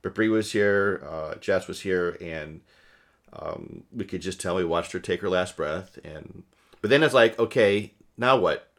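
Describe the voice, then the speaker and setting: Rambling, emotional New man, low voice. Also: a little slow. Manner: rambling, emotional, laughs often, many restarts. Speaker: podcast co-host. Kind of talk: casual storytelling chat.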